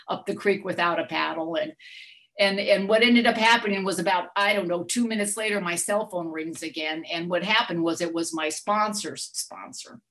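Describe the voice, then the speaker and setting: A woman's voice: on the low side, fairly bright tone. A middle-aged woman telling a candid personal recovery story, acting out her own outbursts as she goes. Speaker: workshop speaker sharing her story.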